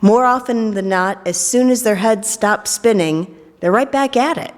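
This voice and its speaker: Long reverb from a large hall surrounds a middle-aged woman minister as she preaches during worship in a church sanctuary. Speaking at a medium pitch and a slightly slow pace, she keeps a playful tone and slips in jokes.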